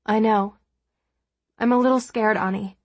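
A woman voicing an anxious, self-doubting woman flight attendant in a storybook reading, worried and halting. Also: medium pitch, steady tone, dry recording.

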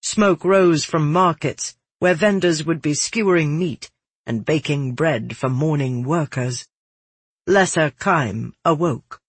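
Husky-voiced man narrating a somber fantasy. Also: a little high, slow pace, dry recording. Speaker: audiobook narrator. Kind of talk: first-person fantasy narration.

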